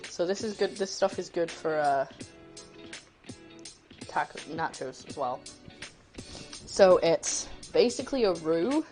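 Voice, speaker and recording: Lowish woman chatting while cooking. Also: lively intonation, takes it slowly, long pauses, a little mellow, faint music behind. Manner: chatty, rambling, laughs easily, talks to chat. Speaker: cooking livestream host. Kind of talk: casual cooking livestream chat.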